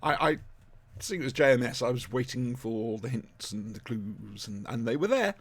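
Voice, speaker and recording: A man hosts a casual podcast chat, his pitch swinging widely as he talks. He is jokey and rambling, cracking asides between points. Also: animated, normal speed. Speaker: podcast host.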